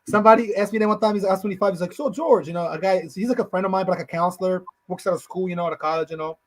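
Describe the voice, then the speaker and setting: A man in his thirties rattles along at a very fast clip in a rather high voice. He co-hosts a podcast in loose, slangy chat, and he keeps dropping "bro" and "you know" as he rambles on. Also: fairly even intonation. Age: 30s. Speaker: podcast co-host.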